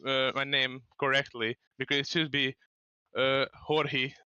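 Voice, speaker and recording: Guy, clear voice, halting answers, dry muffled voice chat. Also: mid-range voice, level tone, pushed and bright, dry recording. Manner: halting, slightly formal phrasing. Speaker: guest racing driver. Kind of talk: interview answers.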